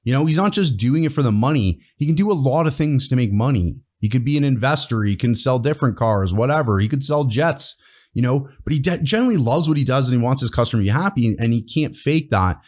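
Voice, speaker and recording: Fast-talking and animated, this man has a mid-range, darkish voice. He founded a training course and, as a podcast guest in casual interview chat, explains earnestly while repeatedly asking "right?".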